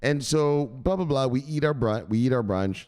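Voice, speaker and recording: A man hosting a crypto news show, excitable and profane, giving casual commentary and punctuating his points with a shouted "bang.". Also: mid-range voice, normal speed.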